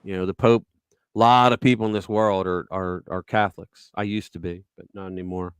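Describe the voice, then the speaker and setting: A man's voice: low voice, fairly even intonation, brisk, smooth, no echo. A middle-aged man hosting a casual talk show, rambling through stories and acting out the people in them. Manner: rambling storyteller, acts out quotes. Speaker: podcast host.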